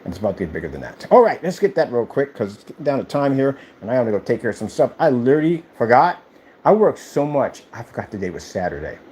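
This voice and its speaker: A man's voice: mid-range voice, big pitch swings, fast talker, a little mellow, husky. A man who owns a screen paint company, ranting casually on a livestream and firing off rhetorical questions.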